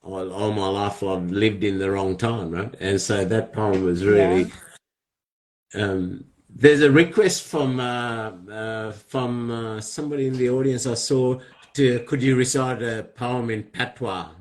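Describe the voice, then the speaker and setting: A male podcast host with a somewhat low voice speaks in a reflective, unhurried way. He often pauses and hedges with fillers as he thinks out loud. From grew up partly in the tropics, then Australia. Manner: reflective, hesitant with many fillers. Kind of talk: casual conversation.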